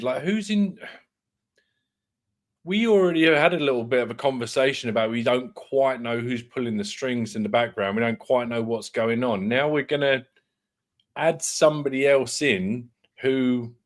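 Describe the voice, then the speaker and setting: Laid-back co-host. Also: male voice, mid-range voice. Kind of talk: casual fan chat show.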